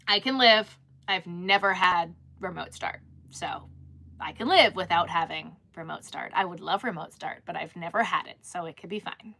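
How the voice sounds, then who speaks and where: A woman's voice: on the low side, normal speed, pushed and bright. A woman chatting casually on a live stream, rambling with lots of restarts and filler words.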